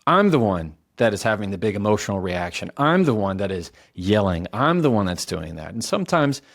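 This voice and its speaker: A man with a low voice gives relaxed, practical advice in a casual teaching style. He often restarts his sentences and slows his words down to stress a point. The sound is dry and close, with no room echo. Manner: conversational, self-correcting, slows down for emphasis. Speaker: communication coach. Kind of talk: casual instructional talk.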